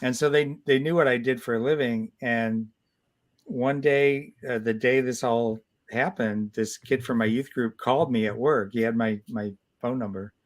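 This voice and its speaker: Sixties man, guest storyteller, lively and halting, mid-pitched. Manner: animated storyteller, many restarts. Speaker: guest comic artist. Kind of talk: casual storytelling interview.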